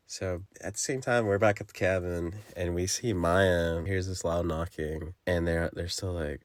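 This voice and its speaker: A man's voice: deep voice, fairly even intonation, moderate pace, few pauses, no room sound, clean studio sound. A young man on a podcast, recapping a horror movie in a rambling, profane way and acting out the characters' lines. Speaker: podcast film reviewer. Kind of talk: casual spoken movie recap.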